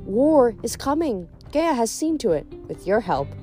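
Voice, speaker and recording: A woman's voice: on the high side, sing-song, a little slow, warm tone, faint music behind, pitched above the performer's own voice. A woman reading aloud, voicing a scornful, cackling goddess of revenge. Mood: haughty. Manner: sneering, haughty.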